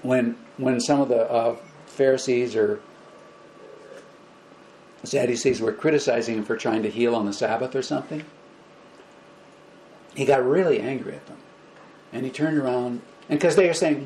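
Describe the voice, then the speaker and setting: A man leads an informal spiritual lecture for a small group. His voice sits at an ordinary middle pitch, and he talks gently, often repeating words. There is a faint hiss of background noise behind him. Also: normal speed, long pauses, poor audio. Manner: gentle, repetitive, animated when acting out examples. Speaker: spiritual teacher.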